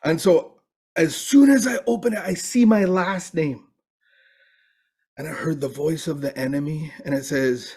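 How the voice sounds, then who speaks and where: A middle-aged man giving a personal recovery testimony, halting and full of restarts and fillers. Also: fairly high pitch, lively intonation. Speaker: recovery speaker.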